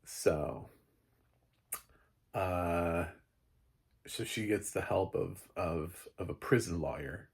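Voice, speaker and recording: Deep, gravelly male film reviewer. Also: slow, pauses often. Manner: rambling and joking, with frequent fillers and profanity. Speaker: movie reviewer. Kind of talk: casual spoken film review.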